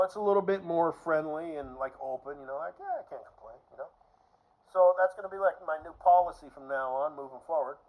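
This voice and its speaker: A man delivering a sarcastic, profane rant, mumbling at times and shouting at others. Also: a little high, rough recording. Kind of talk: casual ranting monologue.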